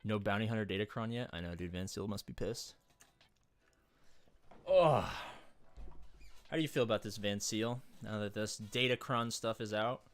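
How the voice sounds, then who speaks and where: A man's voice: fairly low pitch, moderate pace, long pauses. A man streaming live, talking casually in a rambling, jokey way and swearing freely. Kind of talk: casual livestream chat.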